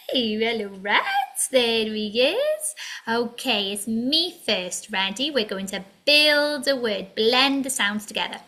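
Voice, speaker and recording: A woman's voice: a little high, big pitch swings, slow pace, bright, forceful tone. A woman teaching a children's phonics lesson in a sing-song way, drawing out letter sounds and slipping into whispered asides.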